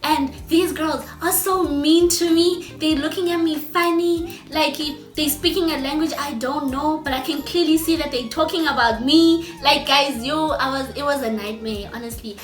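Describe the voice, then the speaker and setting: A young woman tells a story in an animated, chatty way, often turning to her audience directly. Her voice sits high. The room is echoey, and soft music plays underneath. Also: moderate pace, few pauses. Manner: animated, chatty, talks straight to viewers. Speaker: vlogger. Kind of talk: casual storytime.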